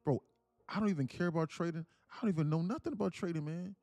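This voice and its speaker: A young man hosts a live trading stream in casual motivational style, speaking earnestly and repetitively, calling listeners "man" and "bro" and reading chat messages aloud. His voice is a little high, fast and darkish, with vocal fry. There's no room sound.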